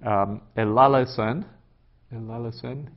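Guy teaching class, talks real slow, thinks out loud w lots of ums. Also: mid-range voice, steady tone. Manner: halting, thinking aloud with many fillers. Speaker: Greek teacher. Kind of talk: classroom lesson, translating aloud. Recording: dull lo-fi classroom recording.

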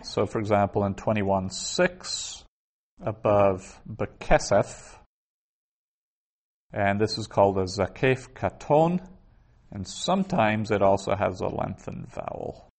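A male teacher lectures a class in a slightly low voice. He explains each point patiently and in order, with ums and restarts along the way. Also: takes it slowly, vocal fry, darkish tone. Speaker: Hebrew teacher.

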